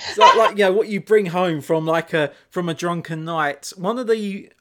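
A man's voice: high voice, normal speed, very noisy. A man co-hosting a podcast, telling a story in a rambling way, full of fillers and restarts. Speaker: podcast co-host. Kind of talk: casual chat.

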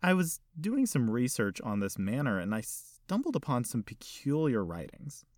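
A man's voice: medium pitch, very animated, normal speed, a little mellow, no echo, close to an everyday voice. A man voicing a young reporter who talks in a polite, earnest way.

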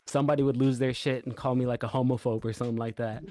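Male podcast co-host, mid-pitched, casual swearing storyteller, close dry mic. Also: racing, no room sound. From US West Coast. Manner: animated storyteller, swears, lots of "like" and "bro". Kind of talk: casual chat.

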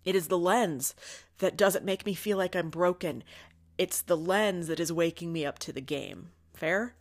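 A woman with a low-pitched voice hosts a confessional spiritual podcast on her own. She is middle-aged, candid and unfiltered, and swears freely. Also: moderate pace. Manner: candid, swears often, talks openly about her feelings. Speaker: podcast host.

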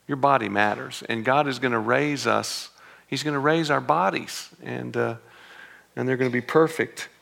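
A man's voice: medium pitch, gravelly, a bit bright. A man teaching through a Bible passage in an informal, conversational way, breaking off for joking asides and correcting himself as he goes.

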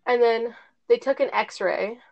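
In a fairly high voice and at a slow pace, a teenage girl tells her friends a rambling story in casual chat. She says "like" a lot and swears a little, and the lo-fi recording sounds dull.

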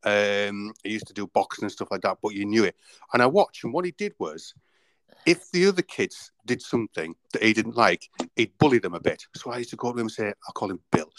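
A man's voice: lowish voice, big pitch swings, brisk, a bit bright, no echo, poor audio. A man hosting a casual podcast, telling rambling anecdotes and acting out the voices in them. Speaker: podcast host. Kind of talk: casual storytelling chat.

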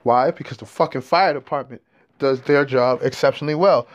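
A man in a casual monologue, telling a story in an animated, streetwise way, with profanity and slang. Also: mid-range voice, fairly quick, lo-fi sound.

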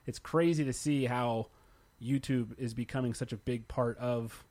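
A man in relaxed podcast conversation, laying out his points in a loose, explanatory way. He leans on filler words and hedges as he goes, at an everyday middle pitch. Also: normal speed. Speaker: YouTube tech channel creator. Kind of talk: casual podcast chat.

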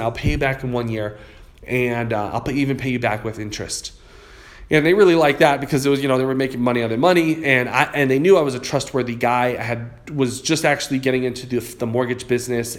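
A man, a real estate investor and public speaker, telling a motivational story in a conversational way, often repeating words as he goes. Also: medium pitch.

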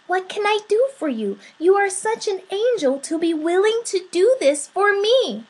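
A woman's voice: extremely high pitch, a little slow, pitched above the performer's own voice, exaggerated voice. A woman voicing an eager, innocent little soul. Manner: excited, breathless, pleading. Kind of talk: storybook reading.

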